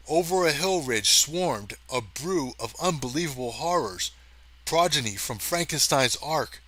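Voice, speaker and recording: A man narrating a science fiction story aloud with lively drama, now and then turning to chat casually with his listeners. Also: mid-range voice. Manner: lively, chatty, talks to listeners directly. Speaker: audiobook reader.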